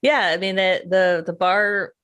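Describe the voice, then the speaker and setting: A woman's voice: mid-range voice, unhurried, a bit bright. A woman hosting an interview over a video call, asking long friendly questions with small restarts. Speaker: podcast host. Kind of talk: casual interview.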